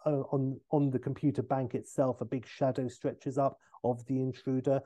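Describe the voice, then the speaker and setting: A man hosting a podcast, telling a comic film pitch in a rambling way with fillers and self-corrections. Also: level tone, moderate pace, dark tone.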